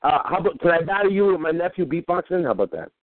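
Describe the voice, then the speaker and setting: A tipsy man talking fast and loudly, throwing out profane trash talk. His pitch swings all over the place. The sound is thin and phone-like. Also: sing-song, dry recording. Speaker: battle rapper guest. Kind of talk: rowdy podcast banter. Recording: tinny phone line.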